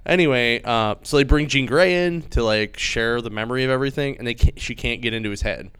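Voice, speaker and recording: Male comic podcast host, excited rambling recap, clean resonant voice, dead-dry recording. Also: mid-range voice, a little fast, clean tone, no room sound. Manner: rambling, filler-heavy, enthusiastic retelling. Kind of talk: casual chat.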